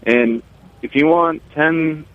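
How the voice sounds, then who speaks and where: A man's voice: on the high side, slow, no room sound. Male phone-in guest, easygoing brewer, tinny and dry phone sound. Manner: laid-back, plain-spoken, many fillers. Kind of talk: casual radio chat. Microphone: telephone.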